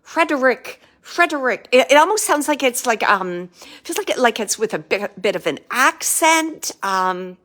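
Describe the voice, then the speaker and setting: Woman psychic medium, fairly high voice, halting and emotional live reading. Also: sing-song, fairly bright tone. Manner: emotional, halting, many fillers and restarts.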